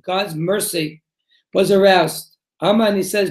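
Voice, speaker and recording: A man's voice: high voice, moderate pace, vocal fry, roomy sound. A man, a rabbi teaching a Torah class, who reads Hebrew text aloud, then explains it in English and asks his listeners questions. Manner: asks the group questions and answers them himself. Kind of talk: Torah class before a live group.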